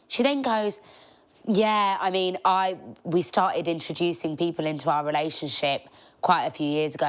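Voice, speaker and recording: A woman, telling cheeky stories as a podcast host, chatty and laughing often. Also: on the low side. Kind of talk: casual storytelling monologue.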